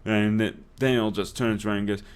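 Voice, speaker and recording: A young man's voice, fairly low, steady, clear and resonant, moves a little fast. Hosting a let's play, he tells stories thick with cursing and laughs through them over his game.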